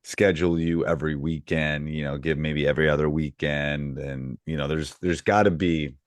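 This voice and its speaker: A middle-aged man hosts a basketball coaching podcast in a very low, deep voice. He talks loosely, circling back with ums and restarts. The sound is dry and close. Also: normal speed, no room sound. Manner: relaxed, rambling, many ums and restarts. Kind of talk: casual podcast chat with ad reads.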